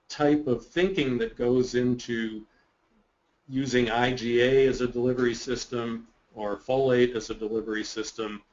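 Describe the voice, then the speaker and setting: A man answering audience questions in a webinar, patient and explanatory, slipping in light self-deprecating humor. His voice sits in a middle pitch. The audio is slightly muffled and dull. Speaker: guest expert.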